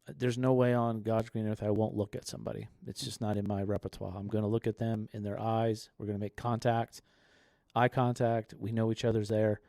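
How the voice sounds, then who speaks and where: Gravelly-voiced man telling a story. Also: lowish voice, level tone, fairly quick, mellow, no room sound, clean studio sound. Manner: earnest, storytelling. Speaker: podcast co-host. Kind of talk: casual chat.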